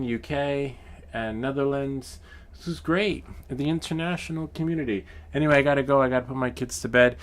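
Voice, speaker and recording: A man hosting a drone channel, chatting casually with viewers in a rambling way, laughing often and trying out rusty Spanish. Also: mid-range voice. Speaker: FPV drone channel host. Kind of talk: casual livestream chat with viewers.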